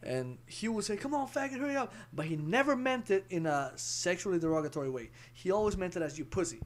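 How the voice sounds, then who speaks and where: Fast-talking, high-voiced young podcast host. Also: male voice. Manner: loose, profane, animated storytelling. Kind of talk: casual podcast chat.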